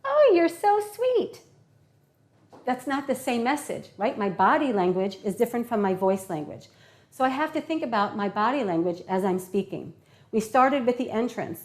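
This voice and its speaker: A woman teaching an English class on public speaking, animated and acting out her examples. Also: mid-range voice, normal speed. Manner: animated, demonstrates tones and acts out examples.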